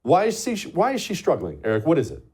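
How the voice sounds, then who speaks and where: A man's voice: a little high, huge pitch swings, quick pace, darkish tone, husky. A man hosting a political talk show, talking in a blunt, sardonic way and laughing at his own jokes.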